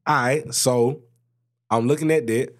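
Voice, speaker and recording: A man co-hosting a podcast, telling a story about work in a casual, swearing, animated way. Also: a little slow. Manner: animated storytelling, swears freely, jumps high in pitch when excited. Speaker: podcast co-host. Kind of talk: casual chat.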